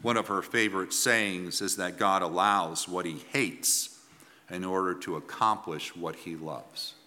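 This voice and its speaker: A man's voice: sits low, steady tone, sharp tone. Earnest male preacher in a reverberant hall. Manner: earnest, emphatic preaching with pauses and restarts. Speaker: pastor. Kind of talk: sermon.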